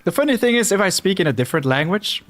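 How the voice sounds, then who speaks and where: A young Dutch-speaking streamer with a Flemish accent chats casually with his viewers over gameplay, rambling and poking fun at himself while talking to chat. His voice is high, a bit bright and fast, with big pitch swings and soft background music.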